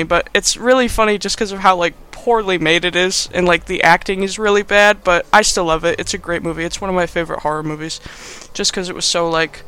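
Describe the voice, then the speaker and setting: A man's voice: high-pitched, bright, forceful tone, clear, resonant tone. A young man hosting a podcast, giving a casual movie recap in a rambling, sarcastic way. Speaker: podcast host.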